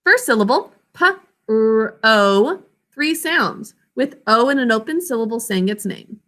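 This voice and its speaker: High, bright-voiced teacher spelling slowly. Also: female voice, animated. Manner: clear, slow enunciation of words and sounds. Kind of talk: classroom spelling lesson.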